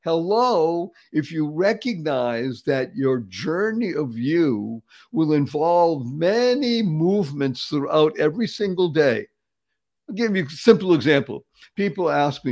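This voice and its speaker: A man's voice: on the high side, animated, unhurried, a little mellow. Man, seventies, from boston area, motivational interview guest, emphatic, repeats words, laughs often. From Boston area, USA. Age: 70s. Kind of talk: upbeat motivational interview talk.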